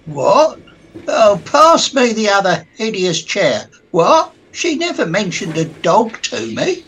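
A man's voice: sits high, very animated, slow, gravelly, a bit bright, breathy edge, heavily acted. A man playing Tom, a cheeky joking sidekick who keeps punning. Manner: teasing, punning, giggly.

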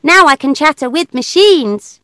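A woman voicing a cheeky young girl in a children's audio story, bright, playful and sing-song. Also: sits high, lively intonation, unhurried, no room sound. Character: cheeky young girl who teases machines.

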